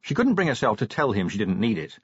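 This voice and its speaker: Male audiobook narrator, low and husky, wry, lots of pitch movement; dry, dull lo-fi sound. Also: fast, dry recording. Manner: wry, lively storytelling. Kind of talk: scripted narration of a novel.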